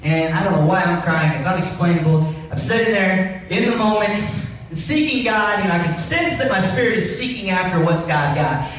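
Man preaching, high lively voice, echoey church hall, distant mic, faint room hum. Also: brisk. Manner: animated storytelling, rising emphasis. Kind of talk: sermon testimony.

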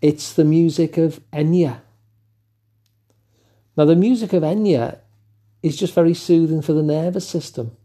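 Older English male host, dark husky voice, calm reflective delivery. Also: a little high, unhurried, long pauses. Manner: gentle, musing, with fillers and asides. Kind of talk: reflective solo talk.

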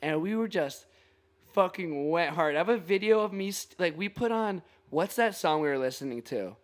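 A young man with a fairly high voice tells a rambling, profane story to his friends in casual chat. He laughs often and curses freely as he goes. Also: expressive, moderate pace. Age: young adult.

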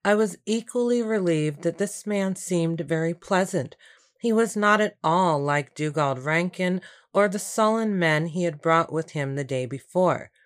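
A woman reads a storybook aloud in a calm, unhurried way. Her voice sits a little low and stays even from line to line. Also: clean tone. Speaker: audiobook narrator. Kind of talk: scripted storybook narration.

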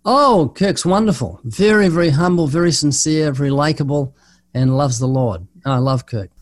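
A man's voice: fairly high pitch, moderate pace, no room sound, studio quality. An older man, a guest evangelist, answering interview questions and telling stories in which he acts out the dialogue. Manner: animated storyteller acting out dialogue.

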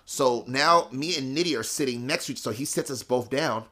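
A man's voice: mid-range voice, fairly quick, hardly any pauses. A young man hosting a podcast, telling a story in slangy, profane casual talk and acting out the voices of the people in it. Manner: animated, acts out voices, swings from hushed whispers to loud excitement. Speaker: podcast host.

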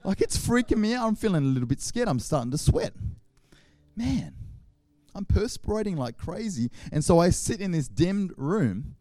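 A man's voice: high voice, big pitch swings, normal speed, a little mellow, no room sound, clean studio sound. An Australian man, a pastor, tells humorous stories in a sermon, acting out scenes with sound effects.

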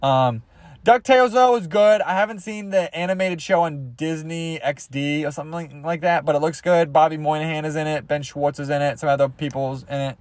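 A man's voice: fairly high pitch, fairly quick, a little mellow, no echo. A young man hosting a podcast, rambling through crude, goofy comedy bits and jumping into silly voices. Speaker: podcast host.

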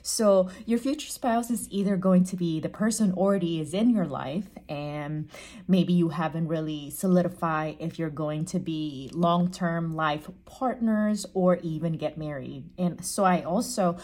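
A woman giving a casual tarot reading to camera, chatty and gentle, often restating her phrases. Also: on the low side, a little slow. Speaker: psychic tarot reader.

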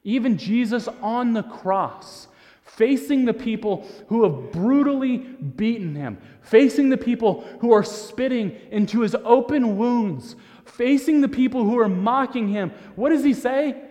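A man preaching a sermon as pastor, earnest and often repeating words as he restarts, sometimes dropping to a soft hushed voice. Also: very high-pitched, expressive, unhurried. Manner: drops to a soft, hushed voice for emphasis. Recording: long reverb of a large hall.

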